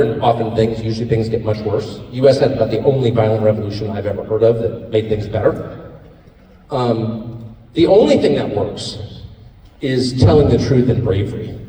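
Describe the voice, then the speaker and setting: A middle-aged American man giving a live speech at an event, speaking in a sarcastic, mocking, animated way. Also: medium pitch, a little hiss or hum. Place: large hall with live audience. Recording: echoey hall recorded from far off in audience.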